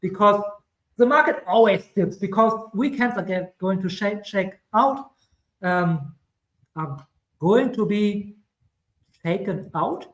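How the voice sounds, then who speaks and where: A man's voice: high voice, expressive, slow, a bit bright, echoey room, low-quality recording. A man with a German accent giving casual crypto chart commentary, rambling and correcting himself with chatty asides. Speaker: crypto streamer.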